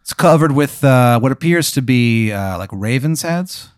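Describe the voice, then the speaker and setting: Man, comedy podcast host, improvised storytelling, rambling, mid pitch, dry sound. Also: unhurried, clear, resonant tone, no echo. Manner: rambling, animated, with fillers. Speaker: podcast host narrating a hypothetical.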